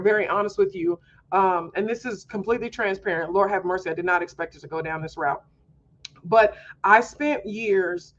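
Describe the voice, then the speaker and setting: A woman's voice: medium pitch, muffled recording. A woman hosting a homeschool mom podcast, talking earnestly in a candid personal monologue, confiding and full of fillers.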